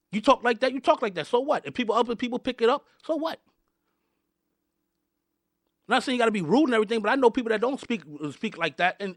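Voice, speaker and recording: High-voiced man on a fired-up rant. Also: dry recording, studio quality. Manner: fired up, repeats and restarts words often. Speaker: podcast host. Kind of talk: heated podcast rant.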